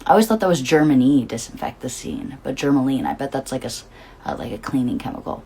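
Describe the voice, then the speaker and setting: Low-voiced woman musing casually. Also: sing-song, fast talker, mellow, slightly rough. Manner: rambling, full of "like" fillers, enthusiastic. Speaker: host.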